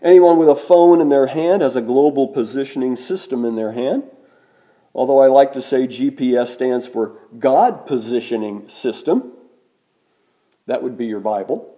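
A man preaching a sermon in a slow, emphatic way, with dramatic pauses on key words. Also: mid-range voice, lively intonation, dark tone. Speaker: pastor.

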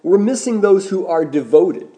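Mellow-voiced male pastor preaching. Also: high voice, lively intonation. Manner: measured preaching, slows to stress key words. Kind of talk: sermon.

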